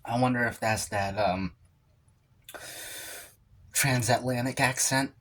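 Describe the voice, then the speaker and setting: A man's voice: mid-range voice, steady tone, slow pace, a bit bright. A man hosting a reaction video, thinking aloud in casual, speculative commentary.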